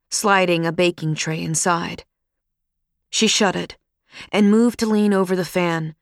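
A woman reading a first-person novel aloud in a measured, steady storytelling manner. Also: fairly low pitch, gravelly, no echo, studio quality. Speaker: audiobook narrator. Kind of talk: first-person audiobook narration.

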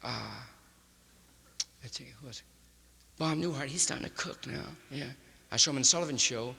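A man's voice: medium pitch, moderate pace, vocal fry, pushed and bright. A male stand-up comedian rambling through a loose, improvised monologue full of hip jazz slang, recorded live on a concert hall stage. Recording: live 1961 concert hall recording with reverb and faint hiss.

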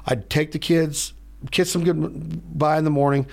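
Rambling, animated man chatting. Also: a little high, unhurried, creaky. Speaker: podcast host. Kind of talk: casual chat. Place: studio.

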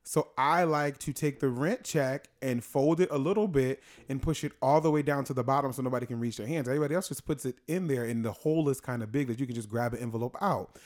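A man co-hosting a casual couples podcast, telling stories with lively acted-out quotes. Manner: animated storyteller, acts out quotes in a high voice. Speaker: podcast co-host.

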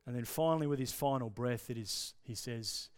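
A male pastor preaching a sermon with passion, dropping to soft pauses for emphasis. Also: medium pitch, smooth. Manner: impassioned, with dramatic pauses and drops to near-whisper.

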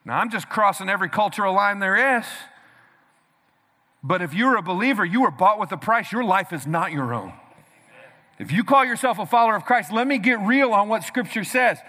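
A man with a high, bright, forceful voice preaches energetically to a congregation, punching his lines and calling for responses. His voice rings out through a large church hall with a long reverb. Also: expressive, a little fast. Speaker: pastor. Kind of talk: sermon.

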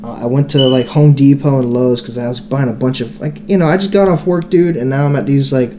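Mellow-voiced man telling a rambling story. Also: medium pitch, a little fast, slight background noise. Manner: profane, rambling storyteller full of fillers. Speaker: podcast co-host. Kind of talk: casual storytelling chat.

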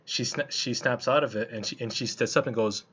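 A man's voice: medium pitch, fairly even intonation, a little fast, a bit bright, breathy edge. A man chatting casually about a film he saw, loose and colloquial, with lots of restarts and fillers. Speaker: film reviewer. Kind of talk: casual film review chat. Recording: slightly muffled lo-fi recording.

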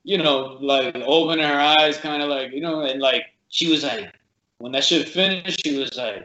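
A man's voice: mid-range voice, moderate pace, roomy sound, lo-fi sound. A man who coaches fighters, telling a long story in casual, profane, rambling chat and acting out what people said. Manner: rambling, profane, animated storytelling with quoted voices.

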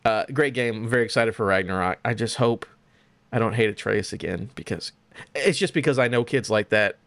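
A young man hosting a podcast, chatting casually about video games in an animated, profane, joking way. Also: on the low side, fairly quick, creaky, dry recording. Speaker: podcast host.

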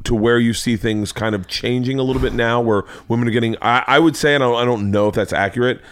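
A man's voice: medium pitch, fairly even intonation, quick pace, a bit bright, clear, resonant tone. A middle-aged man hosting a podcast, telling rambling stories in casual chat and swearing freely. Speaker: podcast host.

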